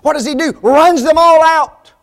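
A man preaching a sermon, emphatic, full of rhetorical questions and swings between loud and hushed delivery. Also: very high-pitched, normal speed, gravelly.

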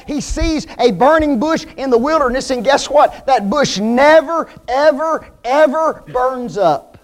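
A man preaching a sermon, emphatic, with rhetorical questions to the congregation. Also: high voice.

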